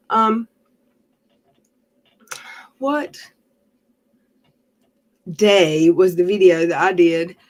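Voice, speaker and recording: Chatty woman streaming late night. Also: mid-range voice. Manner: rambling, chatty, laughs often. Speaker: livestream host. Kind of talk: casual livestream chat.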